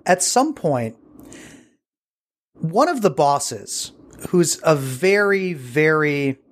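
A man as an interview guest, telling a story casually and digressively, searching for words as he goes. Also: on the high side.

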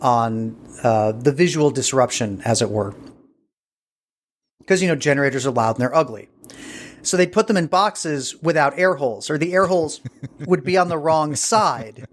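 A man's voice: medium pitch, lively intonation, moderate pace. A man as an interview guest, telling a story casually and digressively, searching for words as he goes.

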